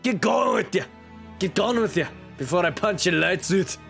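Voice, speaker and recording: A man putting on a gruff Glasgow prison governor. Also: high-pitched, lively intonation, moderate pace, fairly bright tone, soft background music, voice pushed up, exaggerated voice. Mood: threatening. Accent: put-on Glaswegian Scottish. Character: burly gruff racist male prison governor.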